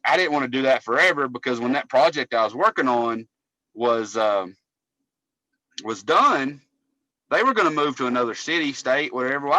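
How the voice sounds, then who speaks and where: A man's voice: medium pitch, sharp tone, dry recording, low-quality recording. A man, co-hosting a casual podcast and telling long, profane stories. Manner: profane, rambling storyteller. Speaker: podcast co-host, cable technician.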